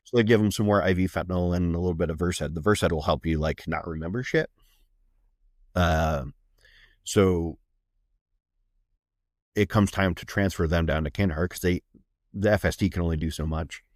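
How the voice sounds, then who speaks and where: Deep-voiced blunt male storyteller. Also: steady tone, normal speed, pauses often, dry recording, clean studio sound. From Ohio, USA. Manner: blunt, profane, matter-of-fact war stories. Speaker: guest, flight medic. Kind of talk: casual storytelling in a podcast interview.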